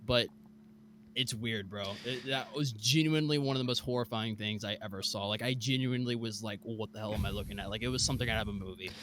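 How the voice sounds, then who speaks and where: A man's voice: mid-range voice, quick pace, a crowd in the background. Young man telling a spooky story. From Mississippi. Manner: animated, many fillers like "like" and "bro". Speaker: guest storyteller. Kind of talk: casual podcast storytelling.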